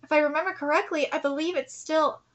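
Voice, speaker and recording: Super high voiced woman reading manga on stream, tearing up, sharp bright tone. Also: fairly even intonation, quick pace, highs cut off. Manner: emotional, near tears, laughing asides. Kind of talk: reading manga aloud with live reactions.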